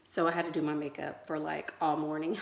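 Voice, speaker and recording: A woman's voice: low voice, level tone, a little fast, gravelly. A woman coaching on relationships in a casual livestream chat, chatty and emphatic, laughing between thoughts while she does her makeup at home. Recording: echoey room.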